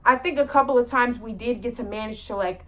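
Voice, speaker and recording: A woman's voice: a little high, a little fast. A woman telling a story in a casual vlog, rambling with lots of fillers and sounding exasperated. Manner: exasperated, venting retelling. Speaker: storyteller vlogger.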